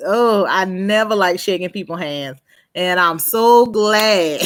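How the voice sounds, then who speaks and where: A woman's voice: mid-range voice, a bit bright. A woman chatting casually on a live stream, laughing often, reading out and answering viewers' comments by name, and trailing off and restarting her sentences.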